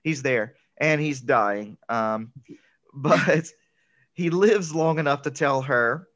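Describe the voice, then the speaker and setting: A man's voice: mid-range voice, slow pace, a bit bright, dull audio. A man hosting a casual chat, laughing often and filling gaps with "um" and "like" as he retells a film. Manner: chatty, laughs often, filler-heavy. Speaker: podcast host. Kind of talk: casual movie recap chat.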